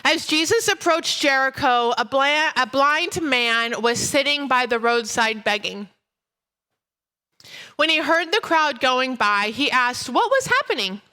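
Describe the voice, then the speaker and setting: High bright woman preaching, animated storyteller, kinda lively. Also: slow pace, smooth. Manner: animated storytelling, breaks into laughter. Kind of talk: sermon with personal story.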